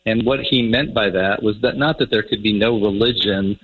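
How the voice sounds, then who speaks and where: A man answering interview questions as a radio guest, measured and halting, with frequent fillers. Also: on the low side, breathy edge, narrow, tinny audio. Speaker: phone-in guest official.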